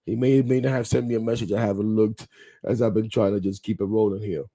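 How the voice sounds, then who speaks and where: A man's voice: on the low side, steady tone, fast talker, creaky, dark tone. A man hosting a live sports talk show, rambling bluntly, swearing casually and talking straight to his viewers. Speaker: podcast host.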